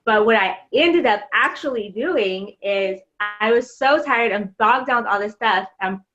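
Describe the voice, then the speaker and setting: A woman's voice: mid-range voice, unhurried, a bit bright. A woman in her thirties hosting an interview, asking questions and telling personal stories with frequent fillers. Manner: candid, personal storytelling with fillers. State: pregnant. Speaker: podcast host. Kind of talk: conversational interview. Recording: slightly dull lo-fi sound.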